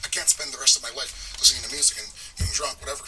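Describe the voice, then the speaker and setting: A man's voice: mid-range voice, steady tone, very fast, few pauses. A man delivering an agitated, repetitive, accusing monologue to an unseen listener. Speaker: vlogger. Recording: distant mic with faint background noise.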